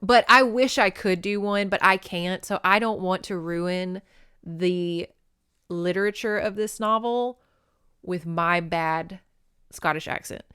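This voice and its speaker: A woman's voice: lowish voice, slow pace, bright, forceful tone, clean tone, no room sound, studio quality. A young woman hosting a casual podcast where she recaps an old novel, chatty and giggly, swearing freely. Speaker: podcast host.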